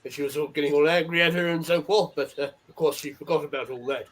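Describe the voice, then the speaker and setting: Man, stream guest, casual chat, halting with fillers, slightly raised pitch. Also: a bit bright. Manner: halting, with many "uh"s and repeated words.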